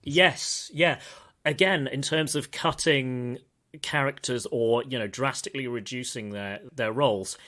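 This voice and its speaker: The host of a podcast chats casually and digressively about a film, thoughtfully, and labels himself a pedant. He speaks unhurriedly in a mid-range voice with a bright, forceful tone.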